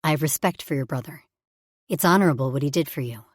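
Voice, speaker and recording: A big male alien warrior, gruff yet tender, with a low growl in his voice, as a woman reads him. He teases softly and speaks with quiet weight, recorded close and dry with no room around him. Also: quick pace, no room sound. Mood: earnest. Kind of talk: audiobook character voice.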